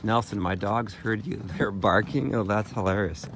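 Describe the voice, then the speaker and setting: A man giving a casual walking tour by a lake in a playful, chatty way, pausing often with "uh". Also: fairly low pitch. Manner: playful, chatty, with frequent "uh" pauses. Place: outdoors by a lake. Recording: outdoor background noise.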